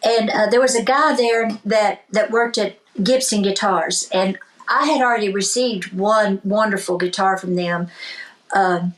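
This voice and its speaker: A woman's voice: medium pitch, unhurried, low-quality recording. A woman country singer-songwriter, a guest in a casual interview, tells stories with animation and acts out the voices of people in them. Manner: speaks of faith and blessings.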